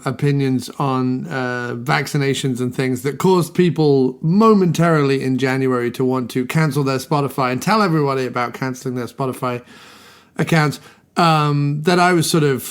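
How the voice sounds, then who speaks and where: Ranty male podcast host. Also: mid-range voice. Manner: ranty, repeats himself for emphasis. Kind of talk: casual chat.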